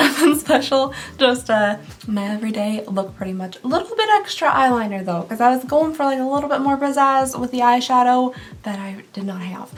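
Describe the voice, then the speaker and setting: A woman, chatting casually while doing her makeup. She rambles and laughs often, and her voice is getting tired. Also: a little high. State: losing her voice. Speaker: beauty vlogger.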